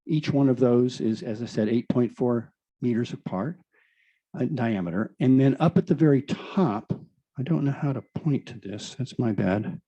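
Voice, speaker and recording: A man's voice: mid-range voice, moderate pace, mellow, slightly rough, poor audio. A man giving an enthusiastic explanatory presentation, explaining through rhetorical questions.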